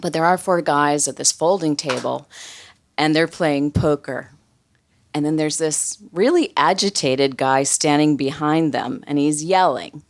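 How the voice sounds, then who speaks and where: A woman with a low voice tells a personal story live on stage. Her delivery is wry and conversational and full of casual fillers, and her timing is built for a laugh. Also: unhurried.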